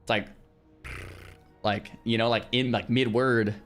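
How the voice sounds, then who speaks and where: A young man streaming, chatting casually with his viewers in an animated way, with lots of restarts and loud exclamations. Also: medium pitch, unhurried, faint music behind. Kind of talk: casual livestream chat with viewers.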